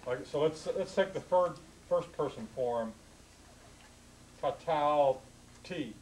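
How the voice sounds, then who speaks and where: Man lecturing with halting restarts. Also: a little high, a little mellow, slight background noise, rough recording. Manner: explanatory, halting, with frequent restarts and "okay?" checks. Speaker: Hebrew teacher. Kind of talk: classroom lecture.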